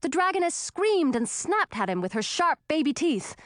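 A woman with a somewhat high voice narrates a fantasy story, reading with expressive, dramatic energy. The recording is close and dry, with no room sound. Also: moderate pace, no echo. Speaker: audiobook narrator.

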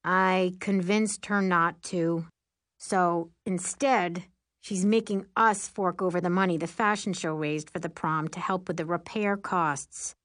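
A woman's voice: on the low side, steady tone, a little slow, a bit bright, dry recording, studio quality. A woman voicing a worried teenage boy who is class president, speaking glumly. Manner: worried, sighing, glum.

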